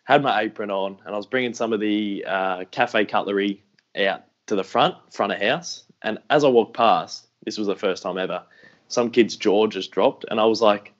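A man's voice: on the low side, normal speed, dull audio. A young Australian man telling stories in a casual podcast interview, rambling and self-deprecating, acting out what people said. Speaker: podcast guest, AFL YouTuber.

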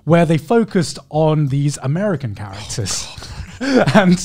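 A man's voice: on the high side, very animated, measured pace, darkish tone. A young man co-hosting a podcast, telling an anecdote in casual chat, rambling and laughing. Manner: rambling storyteller, many restarts, laughs. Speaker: podcast co-host.

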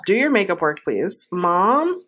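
A woman's voice: on the low side, very animated, a little slow, a crowd in the background. A woman giving casual gameplay commentary, talking to her game characters in an exasperated, playful way. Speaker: gaming host.

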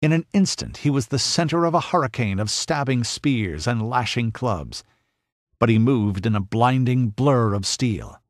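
A man giving a dramatic audiobook narration in a measured, grave way. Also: medium pitch, expressive, no echo, clean studio sound.

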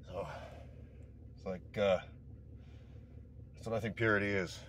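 A man's voice: lowish voice, fairly even intonation, a little slow, a bit bright. A man in a casual motivational monologue, intense and profane, rambling as he talks. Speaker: vlogger. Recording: outdoor traffic noise.

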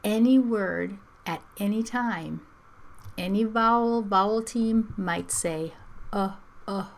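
Lady teacher telling a kids' phonics story real slow, playful, whispery bits. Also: medium pitch, creaky. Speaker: reading teacher. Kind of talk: storytelling lesson for children.

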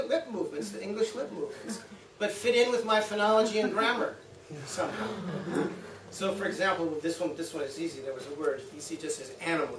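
Guy telling stories at a uni talk, acts out quotes, echoey room, faint hum. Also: high voice. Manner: lively storytelling, acts out quotes, laughs often. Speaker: guest lecturer. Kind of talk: anecdotal university talk. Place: lecture room. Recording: roomy, from a distance, faint hum.

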